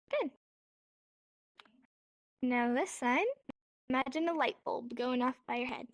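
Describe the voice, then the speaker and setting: A woman's voice: high-pitched, normal speed, long pauses, dry recording, studio quality. A woman teaching a sign language class, patiently repeating each word and explaining each hand motion step by step. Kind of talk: instructional lesson. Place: virtual reality social space.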